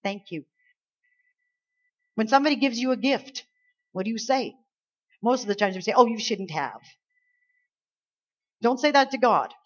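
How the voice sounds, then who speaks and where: A woman's voice: fairly high pitch, moderate pace, long pauses. Woman preaching emphatically, lo-fi. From Canada. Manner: emphatic preaching with rhetorical questions. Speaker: pastor. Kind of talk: sermon. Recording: slightly dull lo-fi sound.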